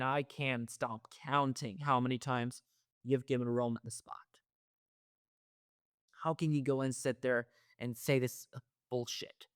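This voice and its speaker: A man's voice: mid-range voice, no echo, studio quality. A man hosting a wrestling reaction show, ranting heatedly with lots of profanity and repeated phrases. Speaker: wrestling commentary host.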